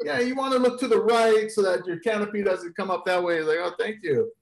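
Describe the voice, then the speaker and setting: A man being interviewed, telling stories in an animated way and laughing often. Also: high voice, brisk. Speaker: interview guest. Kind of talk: casual storytelling interview.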